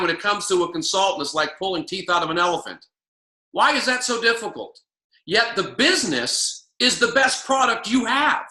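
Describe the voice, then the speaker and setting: Male motivational coach, emphatic and repetitive, high bright voice. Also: roomy sound. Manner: emphatic, preachy, repeats key lines. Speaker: network marketing coach.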